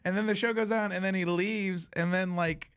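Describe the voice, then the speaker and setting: A man's voice: sits high, moderate pace, clear, resonant tone, dry recording. Laughing, story-telling man, dry close mic. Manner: laughs often, animated storyteller, swears freely. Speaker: podcast host. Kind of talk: casual storytelling chat.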